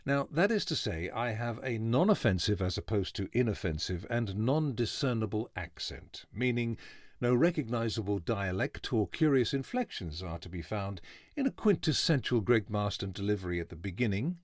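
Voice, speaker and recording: A voice artist with a neutral British English accent delivering a scripted spoken essay in a clear, well-enunciated, dry and wry way. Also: male voice, on the low side, big pitch swings, moderate pace, dry recording. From England.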